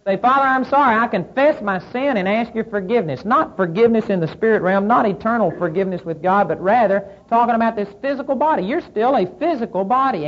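A woman preaching a sermon, emphatic, asking rhetorical questions and reading scripture aloud. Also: medium pitch. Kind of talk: sermon teaching. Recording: slightly dull lo-fi recording.

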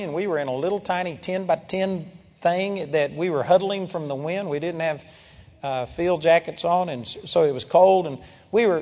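An older man preaching a sermon, telling stories in a lively way and now and then bursting into loud shouts of praise. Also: a little high. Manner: storytelling, animated, breaks into loud praise shouts. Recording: long hall reverb.

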